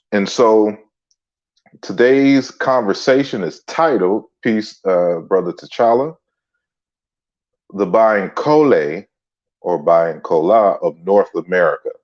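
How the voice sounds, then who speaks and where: A man hosting a relaxed livestream lecture, greeting viewers by name as he talks. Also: low-pitched, muffled recording. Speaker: livestream host and author. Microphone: computer mic on a stand.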